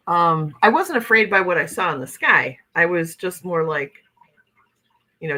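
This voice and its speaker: Low-pitched and expressive with a sharp tone, she talks at normal speed on a rough recording. As host of a laid-back livestream, she reads viewer comments aloud and rambles conversationally, often saying "okay" and "you know what I'm saying."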